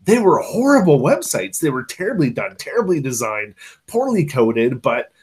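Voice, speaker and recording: Podcast host guy, bit husky, easygoing storyteller. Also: fairly high pitch, very animated, moderate pace, darkish tone. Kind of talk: casual interview chat.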